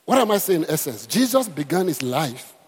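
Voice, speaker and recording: A man's voice: fairly high pitch, sing-song, a little fast, slightly rough, big-room sound. A man preaching a sermon, emphatic and repetitive, calling out to the congregation. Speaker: pastor.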